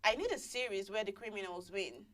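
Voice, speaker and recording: A woman's voice: medium pitch, brisk. A woman co-hosting a live radio stream, chatting casually, teasing and laughing often. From Nigeria. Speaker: radio co-host.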